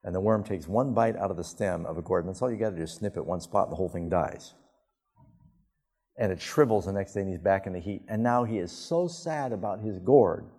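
Man, pastor, sermon, deep warm voice, emphatic storytelling, long hall echo. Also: fairly quick, breathy edge. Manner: emphatic, animated storytelling with sudden rises in pitch.

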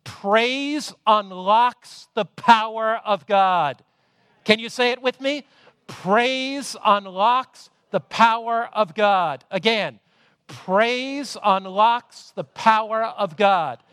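A man preaching a sermon, moving between loud emphasis and hushed, intimate passages. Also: high voice, smooth, dry recording, clean studio sound. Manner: dramatic, swings from loud to hushed.

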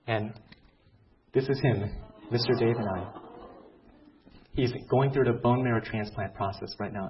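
A man, a physician, giving a faith testimony to an audience, telling a patient's story with lively acted-out quotes and closing in prayer. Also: medium pitch, lo-fi sound, slight background noise. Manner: animated storytelling, acts out quotes, ends in prayer. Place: room with an audience.

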